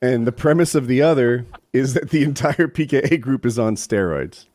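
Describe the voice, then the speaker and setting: A male podcast co-host with a bouncy, lively pitch who laughs easily through his jokes. The sound is close and dry with no room echo. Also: moderate pace. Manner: animated, laughing, jokey banter. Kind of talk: casual podcast chat.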